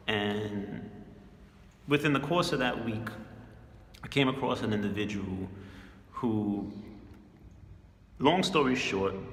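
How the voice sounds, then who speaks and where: A man's voice: fairly low pitch, vocal fry, a bit bright, reverberant, in a large hall, slight background noise. A man casually telling a personal story in a laid-back, slangy way, chuckling often. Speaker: spiritual channel host.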